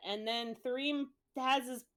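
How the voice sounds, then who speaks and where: A woman's voice: high-pitched, fairly even intonation, slow pace, fairly bright tone. A woman streamer casually recapping a tabletop game session, swearing freely as she tells it. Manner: profane, breezy storytelling.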